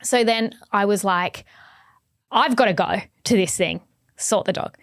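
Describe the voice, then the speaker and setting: Aussie woman podcast host, 30s, animated storyteller, mid pitch, dry studio sound. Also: unhurried, no room sound. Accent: Australian. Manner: animated storyteller, acts out her own quotes. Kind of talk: casual chat.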